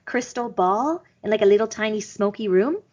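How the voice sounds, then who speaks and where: A woman's voice: medium pitch, expressive, normal speed, darkish tone. A woman hosting a podcast, chatting playfully with her guest and her listeners. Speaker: podcast host. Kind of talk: casual chat. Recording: slightly dull lo-fi podcast audio.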